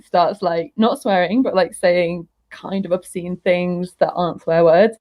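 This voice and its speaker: A woman on a video call, guest on a podcast, telling an anecdote in animated, giggly casual chat. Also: fairly low pitch, moderate pace.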